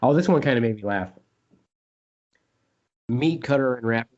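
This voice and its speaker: A man's voice: mid-range voice, expressive, normal speed, darkish tone, muffled recording. A man co-hosting a casual podcast chat, rambling and joking, now and then repeating silly words in put-on voices. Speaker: podcast co-host.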